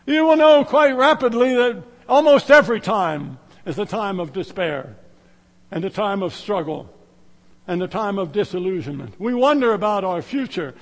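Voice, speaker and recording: A middle-aged man preaching a sermon, swinging between loud exclamations and hushed, slow lines. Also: high-pitched, lively intonation, big-room sound.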